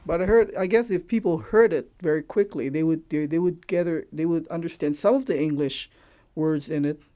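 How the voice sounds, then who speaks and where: Man from Hawaii, creole teacher, mellow and dark tone, slightly high, halting and thoughtful as he explains. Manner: thoughtful, halting, searching for examples. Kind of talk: explaining language with examples.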